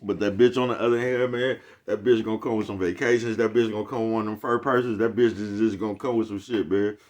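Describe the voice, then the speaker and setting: Deep-voiced man rambling to his viewers. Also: steady tone, fast talker, darkish tone. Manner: repeats a catchphrase, chuckles often, slangy and profane. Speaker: YouTube host. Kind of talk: casual rambling monologue to viewers.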